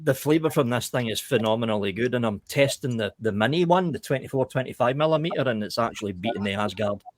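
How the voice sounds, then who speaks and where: A man's voice: mid-range voice, lively intonation, fast, no room sound, clean studio sound. A man chatting casually on a vaping show, blunt and sweary. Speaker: vape show panelist. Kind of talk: casual banter.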